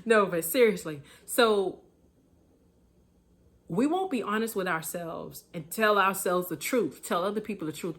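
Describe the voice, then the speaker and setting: A woman's voice: medium pitch, unhurried. Emphatic woman preaching motivation. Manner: emphatic, repetitive, colloquial, chuckles. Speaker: motivational speaker.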